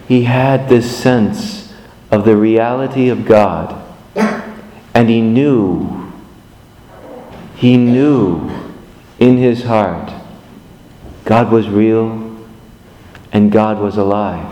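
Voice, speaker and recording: A man giving a sermon in an earnest, measured way, repeating lines of prayer. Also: mid-range voice, darkish tone, roomy sound, in a large hall, low-quality recording.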